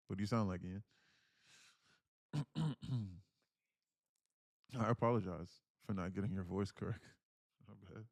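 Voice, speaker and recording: A young man with a low, gravelly voice runs live trading commentary, chatting freely and thanking viewers as he goes. The sound is dry and close, with no room around it. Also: fairly even intonation, fairly quick, darkish tone, no echo. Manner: chatty, thanks viewers, switches to a higher put-on voice when reading comments. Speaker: day trader streaming live.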